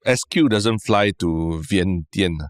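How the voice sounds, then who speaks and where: A man's voice: deep voice, takes it slowly, smooth, no room sound, clean studio sound. A Singaporean man co-hosting a podcast, chatting casually with a Singaporean English accent and ending his points with "lah, right?". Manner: relaxed, chatty, drops "lah, right?" tags. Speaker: podcast co-host. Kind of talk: casual chat.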